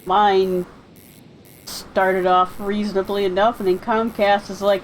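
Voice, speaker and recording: A woman's voice: medium pitch, little pitch movement, a little slow, a little hiss or hum, low-quality recording. A woman from the United States giving rambling, chatty commentary while streaming a fishing game. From United States (California and Florida). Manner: rambling, chatty, self-deprecating. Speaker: let's play streamer. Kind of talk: casual gameplay commentary.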